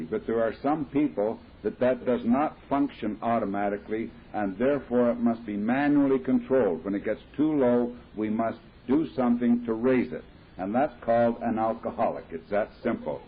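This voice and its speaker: A husky-voiced man speaks at a recovery meeting, explaining in a plain, homely way. The sound comes from a thin, tinny 1970s tape that sounds almost like a phone line. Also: mid-range voice. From Midwestern United States. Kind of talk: personal talk at a recovery meeting.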